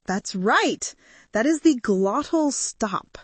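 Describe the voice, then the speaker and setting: A woman with a modern British accent leads a pronunciation lesson. She speaks slowly and with lively rises and falls. She shapes each sound with care in a dry, close recording. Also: a little high, breathy edge, no room sound. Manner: slow, careful modelling of sounds. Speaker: pronunciation teacher. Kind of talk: scripted language lesson.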